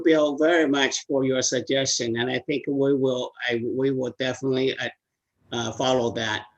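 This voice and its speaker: Husky, halting man on dull audio. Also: mid-range voice. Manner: hesitant, many fillers. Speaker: representative of applicant. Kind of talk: public meeting discussion.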